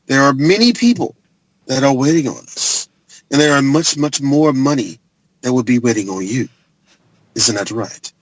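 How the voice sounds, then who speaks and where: A smug male corporate boss oozes menace in a slow, deep, condescending drawl, as a man imitates him. The voice sits well below his usual register and keeps a husky edge. Every line sounds like a veiled threat. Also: animated, lightly acted, low-quality recording. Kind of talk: movie character impression.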